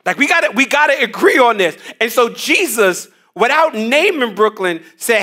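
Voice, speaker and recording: High-voiced man preaching energetically. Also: moderate pace, few pauses. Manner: energetic, slangy, call-and-response preaching. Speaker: pastor leading Bible study. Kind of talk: lively Bible study teaching. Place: church room with a group. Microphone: headset.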